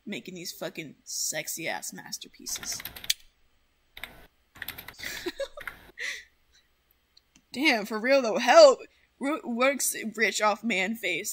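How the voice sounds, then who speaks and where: A woman streamer chatting casually, excitable and full of swearing as she rambles. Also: medium pitch, husky. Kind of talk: casual livestream chat.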